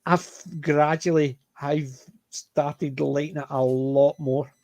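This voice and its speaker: A middle-aged Glaswegian man hosts a casual panel chat, spinning anecdotes in a lively way. His voice sits fairly high, and the recording is dry and close with no room sound. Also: takes it slowly, no room sound. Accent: Glaswegian Scottish. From Scotland, Glasgow area. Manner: chatty, anecdotal, animated. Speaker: panel host.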